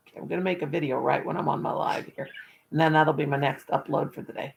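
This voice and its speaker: A woman's voice: sits low, fairly even intonation, quick pace, gravelly. A woman chatting casually on her livestream, folksy and talkative, breaking into baby talk to her dog now and then. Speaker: livestream vlogger.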